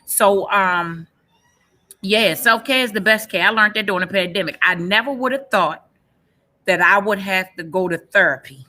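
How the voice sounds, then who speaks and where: A woman's voice: medium pitch, moderate pace, pushed and bright. A woman in her forties speaking earnestly about her own life. She talks emphatically and repeats her key phrases. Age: 40s. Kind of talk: personal testimony in a panel session.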